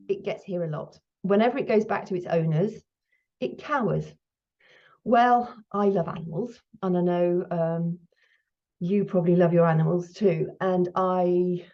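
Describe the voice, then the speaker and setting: A middle-aged woman hosting her own menopause video, talking candidly to camera while still shaken, her breathing high. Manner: chatty, candid, laughs now and then. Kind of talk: casual talk to camera. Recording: slightly dull lo-fi sound.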